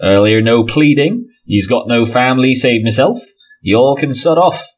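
A man's voice: mid-range voice, normal speed, slightly rough, pitched above the performer's own voice, natural voice. A man voicing a surly, stubborn partner who refuses to open a door, speaking in a curt, dismissive way.

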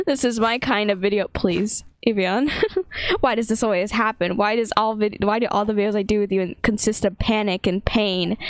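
A woman who makes gaming videos offers casual commentary on her gameplay, laughing often and crying out in playful panic. She's giggly, with frequent bursts of laughter, and her mid-range voice is recorded without echo.

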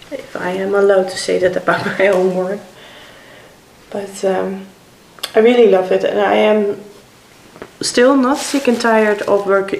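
A woman's voice: medium pitch, gravelly, a little mellow, roomy sound, a little hiss or hum, low-quality recording. A middle-aged Dutch woman speaking English with a Dutch accent, chatting hesitantly as she shows her cross-stitch projects at home. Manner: chatty, hesitant, many fillers. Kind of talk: casual show-and-tell.

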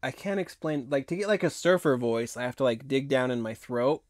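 A hoarse man hosting a casual live stream, chatting in a rambling way and laughing often. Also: mid-range voice, a little fast, no echo, studio quality. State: hoarse from long talking.

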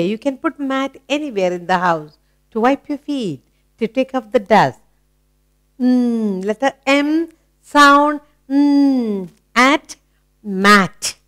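A woman teaching phonics to children, sounding out letters and praising answers. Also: a little high. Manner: slow, encouraging, sounds out letters.

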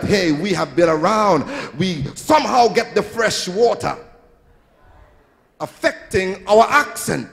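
A high-pitched man delivers a sermon, his voice gravelly at the edges. He swells into sing-song phrases and acts out quotes. The sound carries a long church-hall reverb. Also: normal speed. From Trinidad and Tobago. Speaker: pastor. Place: church sanctuary.

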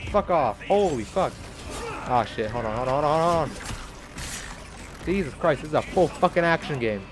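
A man's voice: on the high side, animated, normal speed, over music. Swearing frustrated man streaming a game. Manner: profane, frustrated, bursts into loud shouts. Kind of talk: live gameplay commentary. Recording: noisy stream audio.

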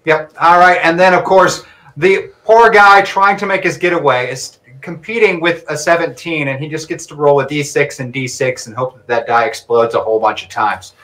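A man's voice: a little high, steady tone, normal speed, bright, forceful tone. A man acting as game master, chatting and laughing as he calls out dice rolls. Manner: chatty, laughs often, thinks aloud over dice rolls. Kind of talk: narrating a tabletop game on a live stream.

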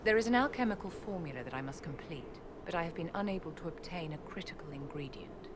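In game audio with background noise, a female court enchanter speaks with regal aloofness, her diction formal and condescending, voiced by an actress as a poised, imperious character. She talks fast in a fairly low, natural voice with lively intonation.

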